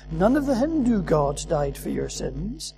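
A man's voice: a little high, very animated, measured pace, gravelly, poor audio. A man preaching a sermon, earnest and emphatic, repeating his key phrases for weight.

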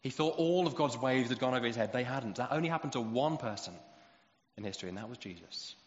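A man preaching a sermon, animated as he acts out quoted voices. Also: mid-range voice, fast talker. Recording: roomy hall echo, dull lo-fi sound.

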